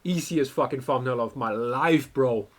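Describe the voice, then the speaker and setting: A young man giving casual, excitable commentary while playing a game, swearing a lot and calling the viewer "bro". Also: medium pitch, measured pace. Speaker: gaming video creator.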